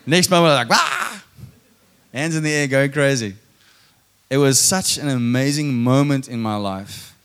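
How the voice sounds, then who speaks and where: A man in his thirties giving a sermon as personal testimony. His delivery is animated, with his voice rising and falling as he acts out his own thoughts and prayers. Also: mid-range voice, clear, resonant tone. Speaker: preacher.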